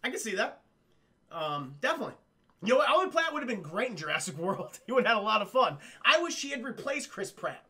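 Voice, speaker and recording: A man's voice: high-pitched, very animated, quick pace, bright, forceful tone, breathy edge. A man recapping a film on a livestream in a casual, profane way, talking to his chat. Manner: swears freely and keeps addressing chat. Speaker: streamer and film reviewer.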